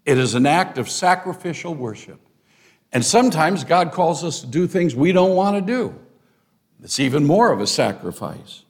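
An older man, a pastor, preaching an expository sermon in a deliberate, emphatic way with rising stresses. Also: fairly high pitch, expressive.

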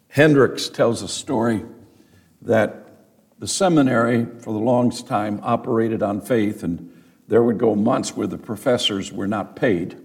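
A pastor with a fairly low, creaky voice speaks a little slowly as he preaches. He addresses his congregation directly and earnestly, telling stories along the way and building to emphatic peaks.

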